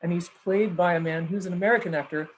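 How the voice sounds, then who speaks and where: A woman's voice: fairly low pitch, steady tone, fast, a little hiss or hum, rough recording. A woman professor giving a mock lecture over a video call, loose and conversational, thinking aloud.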